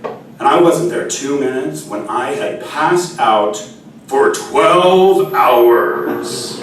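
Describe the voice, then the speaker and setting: Slow, animated male storyteller on stage. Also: on the high side, recorded from a distance. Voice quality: animated, self-mocking delivery. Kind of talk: live stage storytelling with songs. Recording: echoey stage audio from afar with music.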